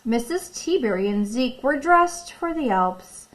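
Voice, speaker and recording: A woman teacher with a high, light voice reads a picture book aloud for a recorded class. Her reading is lively and expressive. She often breaks off to ask the children questions and tell them to pause. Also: slight background noise, rough recording. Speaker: elementary school teacher.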